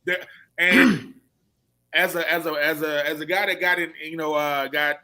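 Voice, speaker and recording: A man with a Southern American accent talks on a sports radio panel. His voice sits high and sounds bright and forceful. He tells stories with a lot of life and acts out the people he quotes. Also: steady tone, moderate pace. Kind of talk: casual sports talk.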